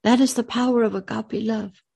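A woman's voice: fairly high pitch, steady tone, normal speed, vocal fry, mellow, slightly rough. A woman hosting a religious video channel, retelling a film in an earnest, unscripted way with emphatic repetitions.

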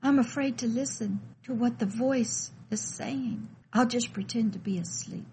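A woman's voice: a little high, measured pace, mellow, a little hiss or hum, low-quality recording. A woman voicing a frightened lonely spirit child. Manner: timid, full of anxious questions. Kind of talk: scripted devotional storytelling.

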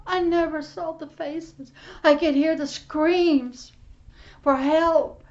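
A woman pastor giving an emotional spiritual testimony, often dropping to a soft whisper. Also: high voice, steady tone, slow. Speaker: pastor and teacher. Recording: muffled lo-fi recording.

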